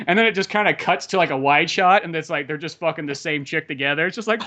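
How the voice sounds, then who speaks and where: Male podcast host, quick and sharp-toned, loose and profane, acts out quotes; dull lo-fi sound. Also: on the high side. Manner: rambling, swears a lot, acts out quotes. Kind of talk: casual chat.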